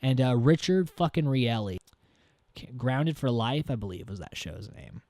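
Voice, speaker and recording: A man's voice: mid-range voice, expressive, normal speed, a little mellow, dry recording. Profane, rambling podcast man. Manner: rambling and profane, heavy use of "like"; chuckles through the retelling. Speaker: podcast host. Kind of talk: casual movie recap.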